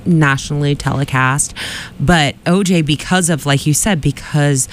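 A podcast co-host talks through a topic in a chatty way, often restarting mid-sentence. The voice sits at a middle pitch, with faint background noise behind it. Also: moderate pace. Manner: chatty, with frequent restarts and laughter. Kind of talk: casual commentary podcast.

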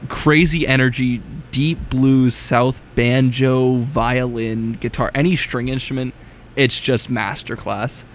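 A man's voice: mid-range voice, steady tone, slow pace. Young man, radio co-host, eager and gushing, mid-range voice, light background hiss. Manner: enthusiastic, laughs easily, gushing praise. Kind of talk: casual chat on air.

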